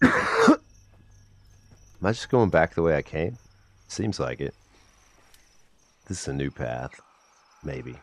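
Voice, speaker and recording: Rumbling low and darkish, this young man's voice has lively intonation, an unhurried pace and frequent pauses. While streaming a game, he mutters profane commentary to himself, now and then exasperated and coughing.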